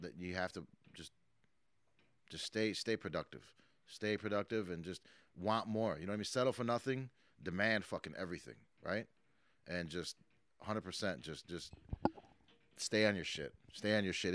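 A man in his late thirties speaks in a low voice with a dry, close sound, no room around him. He rambles emphatically and swears freely. His talk is casual, like a hip-hop artist's interview answer. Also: a bit bright, dry recording. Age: 30s. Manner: profane, emphatic, rambling motivational.

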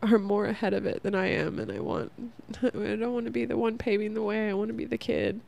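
A young woman talks through her own self-help podcast in a loose, earnest ramble full of "like" and little laughs at herself. Her voice is mellow and warm, with a gravelly fry. She sits in the middle range for a woman. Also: mid-range voice, little pitch movement, a little fast. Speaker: podcast host.

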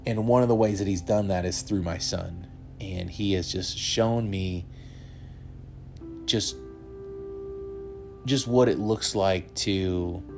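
A young man with a low, gravelly voice hosts a podcast and tells a personal story to his listeners. He speaks earnestly and laughs now and then. Soft music plays faintly behind him. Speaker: podcast host.

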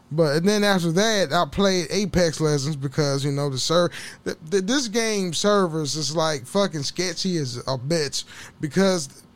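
A man's voice: high-pitched, dry recording. A man hosting a podcast, talking loosely about video games in a casual, profane storytelling manner with restarts. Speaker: podcast host.

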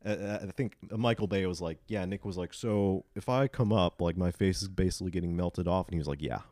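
Very low-voiced man recapping a movie. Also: a little fast. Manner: retells scenes in animated bursts, quoting lines loudly. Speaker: podcast co-host. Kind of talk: casual film discussion.

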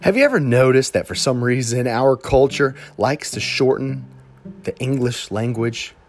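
A man with a Southern Alabama accent, the lead pastor, preaching a conversational sermon with animated, slang-filled examples. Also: medium pitch, moderate pace, soft background music.

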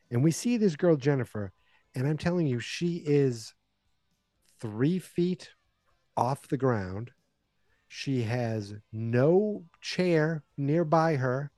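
A man's voice: medium pitch, warm tone, dry recording. A man in his forties, a podcast host casually retelling a movie plot with wry asides.

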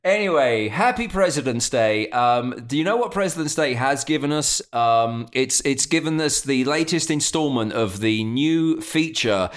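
A man's voice: medium pitch, animated, moderate pace, hardly any pauses. A man with an English accent, co-hosting a podcast in rambling casual chat with plenty of swearing. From England. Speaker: podcast co-host.

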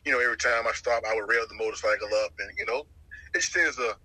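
Husky, sharp-toned man telling his story. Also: mid-range voice, fast, dry recording, poor audio. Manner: lively storyteller who acts out the voices he quotes, repeats phrases. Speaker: guest sharing his testimony. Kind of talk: personal testimony storytelling.

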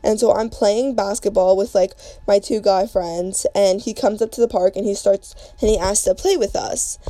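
A young woman spins a long personal story in loose, slang-filled chat, stacking filler words as she goes. Her voice is soft and mellow rather than bright. The recording is close and dry, with no room sound. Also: medium pitch, fairly even intonation, normal speed, no echo. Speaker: podcast host.

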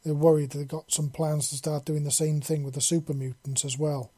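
A foul-mouthed male paladin commander, put on by a man narrating a story, giving orders with force. The voice is husky and mellow, sitting a little high, with a dry, close sound. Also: little pitch movement, fairly quick, lightly acted. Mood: grim. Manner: swearing, forceful briefing.

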